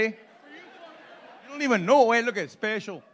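A man's voice: sits high, expressive, slow, fairly bright tone, a little hiss or hum. A male stand-up comedian on a comedy club stage, doing crowd work in brash, profane, slangy street talk and teasing the audience.

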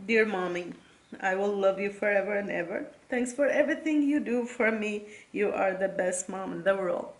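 A woman's voice: mid-range voice, slight background noise. Tearful mother reading her kids' letters. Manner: tearful, tender, halting. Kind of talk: emotional casual vlog reading.

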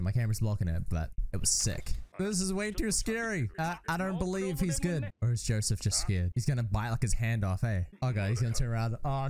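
A young man gives casual commentary while reacting to an anime episode, getting excitable, swearing, and letting out sudden high yelps.

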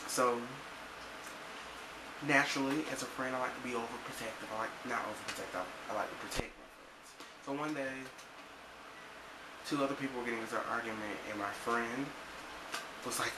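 A man's voice: mid-range voice, a little fast, long pauses. A young man rambling through a story about a fight with a friend, acting out the quotes in his vlog. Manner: rambling, emphatic retelling with acted-out quotes. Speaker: vlogger. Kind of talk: casual storytelling to camera. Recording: echoey room, loud ambient noise, mic far off.

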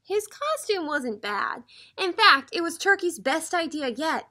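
A teacher reading a children's picture book aloud, talking directly to the kids in a lively storytelling way. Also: female voice, very high-pitched, unhurried.

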